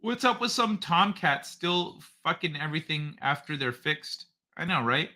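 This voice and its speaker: A man's voice: on the high side, lively intonation, moderate pace, sharp tone. A man hosting a casual livestream, reading chat aloud in a loose, profane way and laughing often. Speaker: livestream host.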